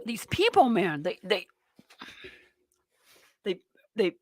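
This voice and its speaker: A woman's voice: mid-range voice, very animated, slow pace, dry recording. Indignant woman talk radio host. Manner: sarcastic, indignant ranting. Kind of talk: political talk radio monologue.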